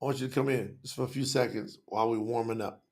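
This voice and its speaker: A man hosting a live faith-community stream, talking passionately and excitably to viewers and calling out people by name. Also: medium pitch, fast. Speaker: livestream host. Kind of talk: lively livestream talk to chat viewers.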